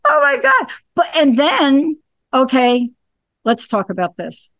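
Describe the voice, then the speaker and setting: A woman hosting a casual chat, lively and exclaiming, correcting herself with a laugh. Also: high-pitched, slow pace, no echo.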